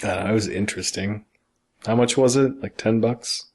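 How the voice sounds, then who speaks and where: A man's voice: lowish voice, fairly quick, darkish tone. A young man co-hosting a casual gaming podcast, joking around and laughing often. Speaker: podcast co-host.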